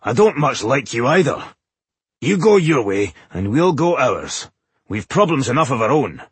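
A man voicing a blunt, outspoken male dwarf warrior in an audiobook, with a husky voice. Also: medium pitch, big pitch swings, moderate pace, dry recording, voice pushed up.

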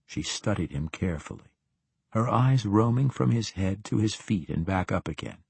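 Low, husky male audiobook narrator. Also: dry recording. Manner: steady, measured storytelling. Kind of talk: scripted fantasy narration.

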